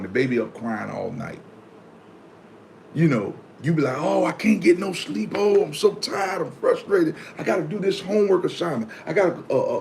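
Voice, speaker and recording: Middle-aged male vlogger, AAVE, chatty advice giver, animated, slightly high voice, light noise. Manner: animated, acts out his own past reactions in high yelps. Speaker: vlogger reading viewer comments. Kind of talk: casual motivational talk.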